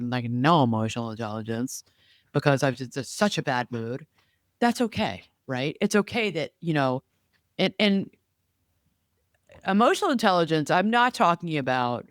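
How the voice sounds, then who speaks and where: A middle-aged woman co-hosting a podcast and coaching, talking in an animated, reflective way with many asides. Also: low voice, no room sound, studio quality. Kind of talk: casual podcast chat. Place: home podcasting room.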